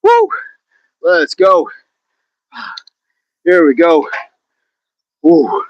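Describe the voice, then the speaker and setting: A man's voice: fairly high pitch, wildly swooping pitch, drawn-out words, no echo, muffled recording. A man hosting a live workout stream outdoors, counting reps aloud and joking with the chat. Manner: jokey, laughs often, counts reps aloud. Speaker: fitness livestream host.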